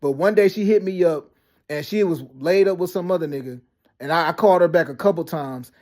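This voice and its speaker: A man ranting to camera about being lied about, talking fast with heavy slang, profanity and many restarts. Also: on the high side, darkish tone. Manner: fast, repetitive storytelling with frequent restarts and "you know what I'm saying". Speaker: vlogger. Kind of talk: rambling personal rant to camera.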